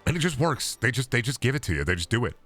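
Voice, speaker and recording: A man's voice: medium pitch, sing-song, racing, a bit bright, soft background music. A man streaming a video game, joking, rambling and trash-talking in casual chat.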